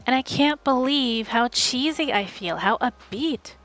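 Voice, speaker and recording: A woman streamer reading a novel aloud live from home, in steady, wry first-person narration. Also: a little high, normal speed, hardly any pauses, faint music behind.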